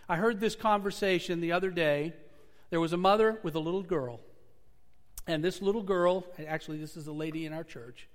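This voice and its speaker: Male pastor, high voice, earnest storyteller rising and falling in volume, church sanctuary with long reverb. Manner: earnest storytelling preaching, swelling and dropping in volume. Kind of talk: sermon.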